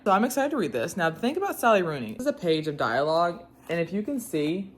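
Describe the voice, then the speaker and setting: A woman's voice: fairly low pitch, sing-song, fast talker, few pauses, slight background noise. A young woman with a Southern US accent, chatting casually to camera about books, chatty and joking with playful asides. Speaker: book vlogger.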